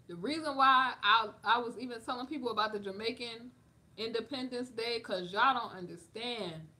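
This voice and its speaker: A woman from the United States, reading news aloud and commenting on it in a sassy, animated way. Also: a little high. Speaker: vlogger reacting to news.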